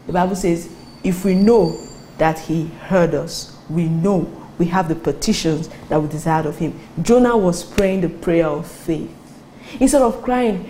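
Female preacher, warm mellow tone, animated sermon storytelling, light background hiss. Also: measured pace, rough recording. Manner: animated storytelling, acts out quotes with rising pitch.

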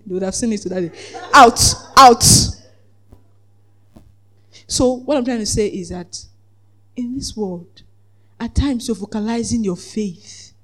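A preacher giving a lively sermon, acting out the voices in the story, laughing often and asking the congregation whether they follow. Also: medium pitch. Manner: asks the congregation "Are we together?".

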